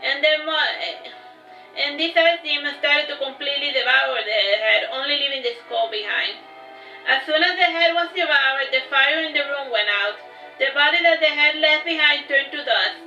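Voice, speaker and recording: A woman reads her own fantasy story aloud and often restarts her lines. Her voice is high and bright. She sounds far from the microphone in a roomy space, with faint music underneath. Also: moderate pace. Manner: steady reading with frequent restarts. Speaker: author. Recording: roomy, distant, dull recording with faint music.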